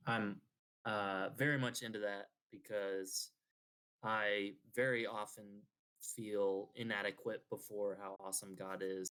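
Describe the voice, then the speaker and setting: A young man shares thoughts in a casual faith talk. He speaks haltingly, pausing often as he gathers his words. His voice is on the low side. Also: flat delivery, a bit bright, smooth. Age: young adult.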